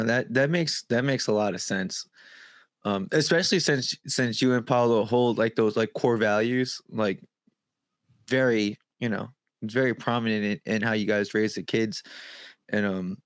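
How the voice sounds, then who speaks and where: A man's voice: lowish voice, no echo, clean studio sound. Joking man in casual podcast chat. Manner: joking storyteller, quick asides. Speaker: podcast co-host.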